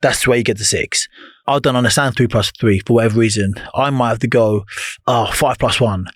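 A man chatting as a guest on a podcast, telling stories with lively energy and swearing freely. He acts out what others said to him. The sound is dry and close, as in a small studio. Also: medium pitch, fast talker, no echo. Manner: animated storyteller, swears freely, acts out quotes. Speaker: podcast guest, former boxer. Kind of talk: casual podcast chat.

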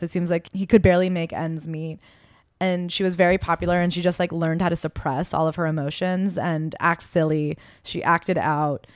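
Woman podcast co-host, quick and low-pitched, dry close sound; casual book chat with read-aloud memoir passages. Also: darkish tone, no echo.

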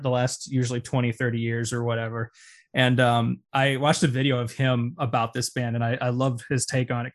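Male podcast co-host, mid-range voice, casual and enthusiastic, rambling delivery. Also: mid-range voice. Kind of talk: casual chat.

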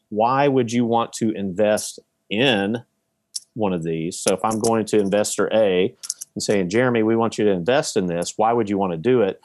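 Low-voiced man explaining investing. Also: darkish tone, no echo, studio quality. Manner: explains with everyday examples, many fillers. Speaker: podcast guest, real estate investor. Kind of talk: casual podcast conversation.

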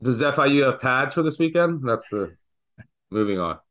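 A man co-hosting a sports betting podcast, telling stories in a lively, joking way. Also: medium pitch, moderate pace. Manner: animated, joking storyteller. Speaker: podcast co-host. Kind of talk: casual sports betting chat.

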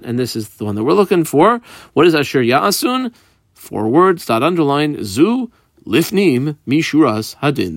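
Animated man teaching a Talmud page. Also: mid-range voice, no room sound, clean studio sound. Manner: translates Aramaic line by line, many fillers. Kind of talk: daf yomi Talmud lesson.

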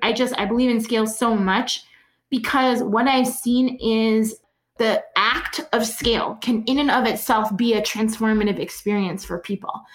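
A woman guest on an interview show, telling stories in an animated way and laughing often. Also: fairly high pitch, normal speed, reverberant. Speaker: guest, organizer. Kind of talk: conversational storytelling.

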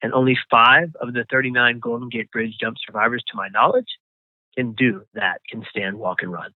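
Here a man recounts his survival story as an interview guest, his steady, mid-range voice carried over a thin, phone-like line. He hesitates often and repeats words. The sound stays dry and close, without any echo or room.

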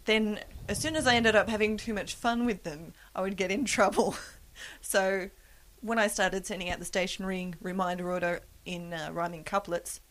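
A woman's voice: mid-range voice, fairly even intonation, moderate pace, a bit bright. A young woman hosting a podcast, telling self-deprecating work stories and laughing often. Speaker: podcast host. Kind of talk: casual chat.

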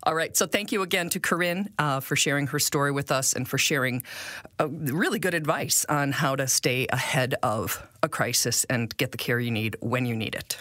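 A woman's voice: very deep voice, moderate pace, fairly bright tone, no echo, studio quality. A woman co-hosting a podcast in a chatty, reflective way, often repeating her phrases. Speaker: podcast co-host.

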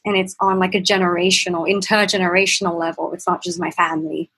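A young woman, a podcast guest, telling a candid personal story in a halting way, with restarts and fillers. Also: lowish voice, flat delivery, fairly bright tone, slightly rough, poor audio. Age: young adult.

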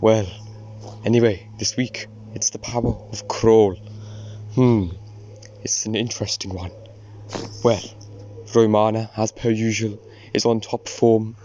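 Hoarse man, polite and formal. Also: fairly low pitch, level tone, measured pace, long pauses, warm tone, slight background noise. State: hoarse from illness. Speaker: listener sending an audio clip. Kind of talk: recorded voice message review.

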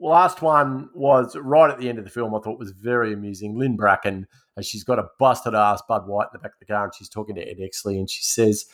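A man's voice: on the low side, fairly quick, few pauses, fairly bright tone. A man, co-hosting a podcast in casual, slangy, blunt chat. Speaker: podcast co-host.

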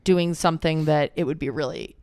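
A woman's voice: sits low, fairly quick, a little mellow, dry recording, clean studio sound. A woman co-hosting a casual podcast chat, a playful and teasing storyteller who retells moments with animation. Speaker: podcast co-host.

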